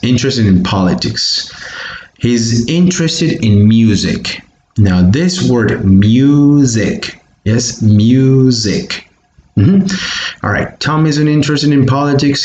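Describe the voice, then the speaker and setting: A man from Bolivia teaching a recorded online English lesson, modelling pronunciation slowly and carefully. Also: fairly low pitch, a little hiss or hum. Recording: echoey room, faint keyboard typing.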